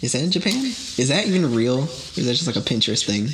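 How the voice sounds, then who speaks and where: A man's voice: medium pitch, sing-song, fast talker, a crowd in the background. A young man co-hosting a casual podcast chat, joking at his own expense and swearing freely. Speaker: podcast co-host.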